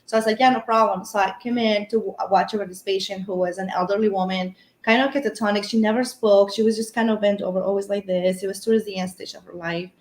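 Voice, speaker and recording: A woman recounts her experiences in loose, rambling podcast chat, stopping and restarting her sentences as she goes. Her voice sits at an ordinary pitch. The sound carries a noticeable room echo. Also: steady tone, fast talker, hardly any pauses, darkish tone. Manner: rambling, storytelling with many fillers and restarts. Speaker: guest paranormal investigator.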